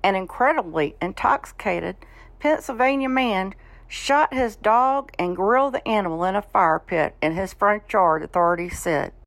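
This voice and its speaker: A woman reading news stories on a radio show in a matter-of-fact, steady way. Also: medium pitch, normal speed, dry recording.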